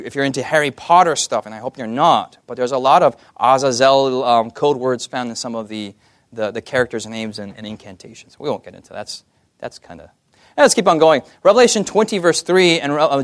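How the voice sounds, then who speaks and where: A man delivers a sermon with a slightly raised pitch, asking the room for amens and slipping in jokey asides. The recording is dry and close, with no room echo. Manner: lively, asks the audience "amen?" often, jokey asides. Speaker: preacher.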